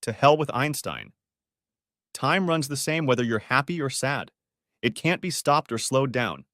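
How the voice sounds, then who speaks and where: A man narrating a dramatic first-person story in an expressive storytelling manner. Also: medium pitch, measured pace, no echo, studio quality. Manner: expressive, switching between characters' first-person accounts.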